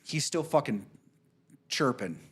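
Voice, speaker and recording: A man's voice: medium pitch, takes it slowly, breathy edge. A man casually telling a long golf story, swearing freely and acting out what people said. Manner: animated, profane storyteller who acts out quotes.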